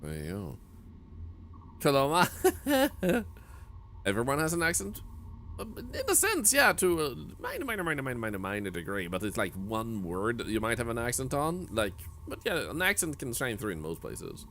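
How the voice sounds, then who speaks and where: A male streamer talks casually to his chat while playing, his voice swooping widely up and down in pitch. The tone is bright and forward, with a faint hum of ambience underneath. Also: wildly swooping pitch, moderate pace. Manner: chatty, answering viewers' chat while playing. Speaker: game streamer.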